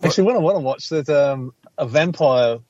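A man's voice: a little high, expressive, fairly quick, a little mellow, no room sound. Casual aussie guy rambling on a podcast, sweary, a bit muffled. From Australia. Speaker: podcast co-host. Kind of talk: casual chat.

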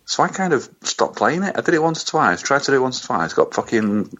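A man co-hosting a podcast, with a dry, halting, sweary way of talking. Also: medium pitch, very animated, fairly bright tone. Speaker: podcast co-host. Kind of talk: casual banter. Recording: dull lo-fi sound.

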